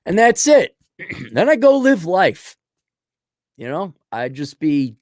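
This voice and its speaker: A man's voice: sits high, big pitch swings, unhurried, pauses often, a little mellow, no room sound, studio quality. Jokey rambling middle-aged man. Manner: rambling, jokey, acts out little scenes in other voices. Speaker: podcast host. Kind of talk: casual livestream monologue.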